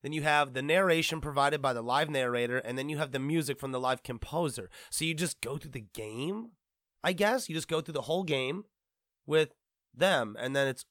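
A man's voice: mid-range voice, animated, fairly quick, fairly bright tone, no echo, studio quality. A man hosting a gaming commentary show, ranting casually and profanely with lots of restarts.

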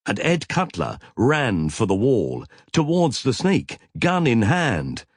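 A man's voice: mid-range voice, huge pitch swings, takes it slowly, slightly rough, dry recording. A man narrating a science fiction audiobook in a vivid, tense storytelling manner.

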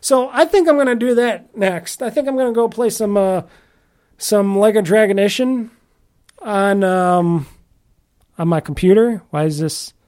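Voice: medium pitch, a little slow, darkish tone. A podcast host in a casual solo chat about games, rambling and often restarting sentences, with an offhand, mildly grumbling manner.

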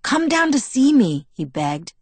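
A woman's voice: on the low side, lively intonation, no echo. Woman reading a pleading teenage werewolf boy. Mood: eager. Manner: rushed, pleading, tripping over words. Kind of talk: audiobook character reading.

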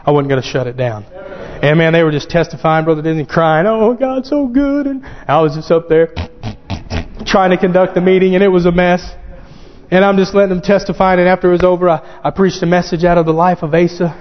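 A man preaching a sermon, fervent and growing excited as he quotes scripture. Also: sits high, fast. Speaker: pastor. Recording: dull lo-fi sound with long hall reverb.

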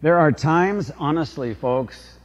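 A man's voice: a little high, slow pace, long reverb tail, lo-fi sound. An older man, a priest, preaching a sermon in a storytelling, confessional way, asking the congregation rhetorical questions.

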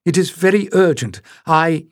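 A man's voice: a little high, normal speed, no room sound, clean studio sound, pitched above the performer's own voice, natural voice. A man voicing a stern, proud young noblewoman who speaks in clipped, demanding sentences. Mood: urgent.

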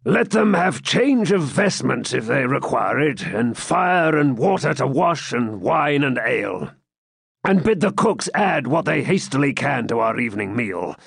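A man's voice: medium pitch, very animated, unhurried, gravelly, fairly bright tone, breathy edge, no echo, studio quality, exaggerated voice. A man voicing a proud, bitter old Saxon lord who speaks with indignant declamation in an audiobook reading. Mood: commanding.

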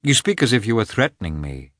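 A man voicing a guarded, weary aristocratic officer in an audiobook, speaking in a measured, placating way. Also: lowish voice, sing-song, a bit bright, no room sound, clean studio sound, voice pushed up. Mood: defensive.

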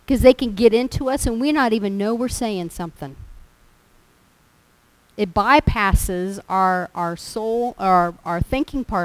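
A woman's voice: mid-range voice, dry recording, low-quality recording. A woman preaching a sermon in a folksy, storytelling way. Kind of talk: sermon with personal stories.

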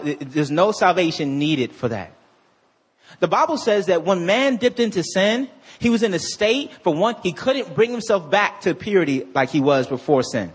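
Animated high-voiced male preacher. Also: slightly rough. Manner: animated, conversational preaching with slang and restarts. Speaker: pastor. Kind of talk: sermon.

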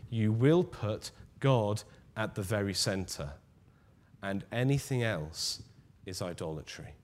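A man preaching a sermon in a measured, emphatic way, dropping to a near-whisper on key words. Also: lowish voice, expressive, a little mellow.

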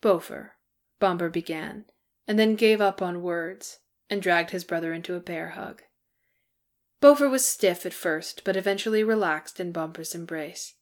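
A woman narrating a storybook chapter in an even, measured way. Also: fairly low pitch. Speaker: fan fiction reader. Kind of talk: storybook reading.

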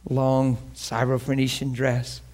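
A man preaching a sermon, animated and emotional, acting out scripture scenes and breaking into laughter. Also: mid-range voice, slow.

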